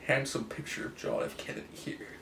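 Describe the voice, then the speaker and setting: A man casually talking through a comic book story, rambling, laughing often and correcting himself. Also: fairly quick. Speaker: comic book video host. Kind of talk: casual comic review chat. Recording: echoey room, faint hiss.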